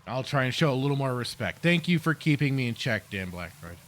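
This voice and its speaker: A man's voice: medium pitch, big pitch swings, a little fast, a bit bright, slight background noise. A man streaming a video game, making sarcastic jokes and talking to his chat as he plays. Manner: joking, sarcastic, talks to chat. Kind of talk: let's-play commentary.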